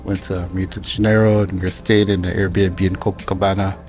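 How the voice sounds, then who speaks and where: A man vlogging, telling a relaxed story with many fillers and restarts. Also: low-pitched, brisk, soft background music. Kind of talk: casual storytelling narration.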